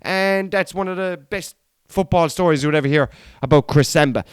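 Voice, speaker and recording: A man's voice: fairly high pitch, brisk, clear, resonant tone, no room sound. A man hosting a casual podcast monologue, blunt and opinionated, who swears freely and rambles with restarts. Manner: rambling, with frequent fillers and restarts. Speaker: podcast host.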